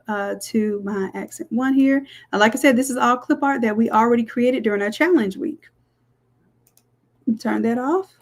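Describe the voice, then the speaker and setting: A woman's voice: fairly high pitch, a little mellow. Chatty woman teaching design live. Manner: chatty, says "y'all", talks viewers through steps. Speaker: design instructor. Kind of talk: live screen-share tutorial.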